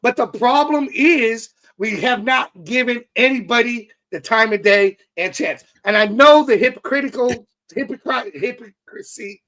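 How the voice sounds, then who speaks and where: A man's voice: extremely high pitch, unhurried, hardly any pauses, sharp tone, rough recording. A man co-hosting a casual sports talk show, talking bluntly and swearing freely. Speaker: podcast co-host.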